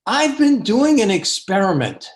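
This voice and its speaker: A man's voice: high voice, very animated, a little slow, voice pushed up. A man voicing a cheerful, playful older Zen teacher, light-hearted and delighted.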